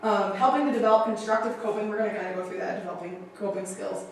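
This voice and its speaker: A woman teaching counseling skills to a group, chatty and animated with frequent fillers and asides. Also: mid-range voice, fast, slight background noise. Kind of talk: casual training lecture. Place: training room with a group. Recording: echoey room, distant mic.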